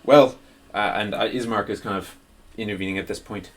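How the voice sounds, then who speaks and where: A man narrating as game master of a tabletop role-playing game, calm and unhurried. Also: fairly low pitch.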